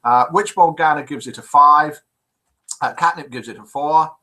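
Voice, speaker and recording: A man's voice: fairly high pitch, moderate pace, sharp tone, low-quality recording. A man over fifty hosting a live online chat show, chatty and teasing as he reads out viewer comments. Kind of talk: casual live-stream chat reading out messages.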